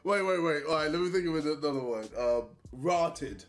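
A man's voice: on the high side, lively intonation, moderate pace, soft background music. A British man chatting casually as a guest, playful and giggly as he explains slang. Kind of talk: casual chat reacting to memes.

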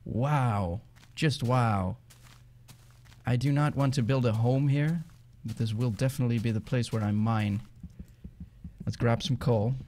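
A man with a Dutch accent, rambling chattily as he plays and narrates a game, and quick to get excited. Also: mid-range voice, a little hiss or hum. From Netherlands. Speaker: gaming channel host. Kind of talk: casual let's-play commentary.

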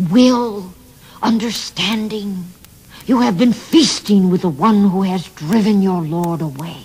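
A man's voice: high-pitched, slightly rough, exaggerated voice. A man voicing a stern old male prophet who preaches and pleads with rising force.

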